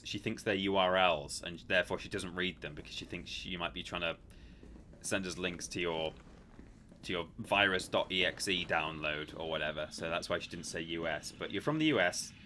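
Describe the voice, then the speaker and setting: A deep-voiced man runs a live stream, his tone pushed and bright over a faint hiss or hum. He chats casually and cracks jokes, reading viewer messages aloud with mock defensiveness.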